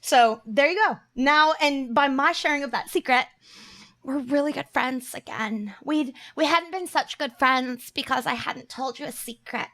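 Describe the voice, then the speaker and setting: Bright, lively high-voiced woman podcast host. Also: normal speed. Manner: playful, breaks into sung bits and silly voices. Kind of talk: comedic podcast banter. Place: indoor room.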